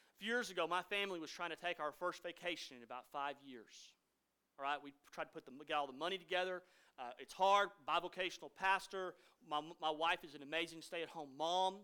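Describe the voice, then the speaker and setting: Man, 30s, pastor preaching a dynamic sermon; bright, forceful tone with loud peaks and quiet drops. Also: fairly high pitch, smooth. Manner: dynamic preaching, swinging from loud emphasis to hushed asides.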